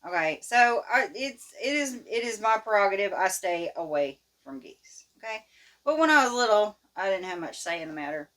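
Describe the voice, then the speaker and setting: A woman's voice: medium pitch, normal speed. Folksy woman telling a story. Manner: folksy, animated, plain-spoken. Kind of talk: casual storytelling.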